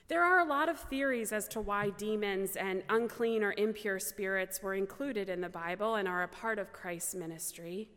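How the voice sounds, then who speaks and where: A woman pastor delivering a sermon in a slow, measured way, with reflective pauses. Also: mid-range voice, a bit bright. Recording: church hall with long reverb.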